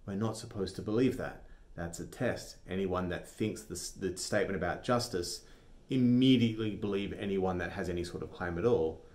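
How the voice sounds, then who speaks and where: A man vlogging, telling a joke and then giving a blunt, argumentative opinion monologue. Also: deep voice.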